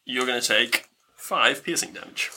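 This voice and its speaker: A man's voice: medium pitch, normal speed, pushed and bright, husky. A man narrating as game master of a tabletop game, laughing often as he describes the action.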